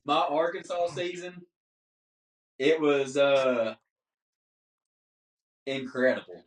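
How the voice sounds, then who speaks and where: A man, telling stories as a guest in casual podcast chat, animated and laughing often. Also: on the high side, takes it slowly. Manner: animated, laughs often, says "dude" a lot. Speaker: guest hunter. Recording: roomy, distant mic.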